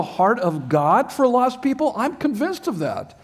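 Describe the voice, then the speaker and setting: A man's voice: very high voice, sing-song, measured pace, slightly rough. An older man preaching a sermon as a pastor in a church sanctuary, earnest and emphatic, with many rhetorical questions.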